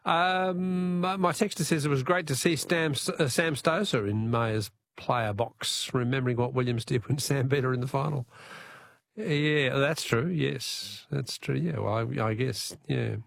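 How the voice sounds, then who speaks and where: An Australian man hosts a late-night radio quiz, genial and chatty with his callers. He reads out listener messages in an easy, conversational way. His voice sits at a middling pitch. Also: a little slow, creaky.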